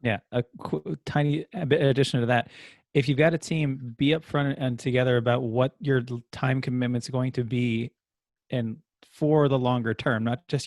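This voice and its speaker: A man's voice: mid-range voice, fairly even intonation, moderate pace, darkish tone, no room sound, clean studio sound. A man hosting a casual racing podcast, upbeat and practical. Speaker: podcast host. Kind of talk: casual chat.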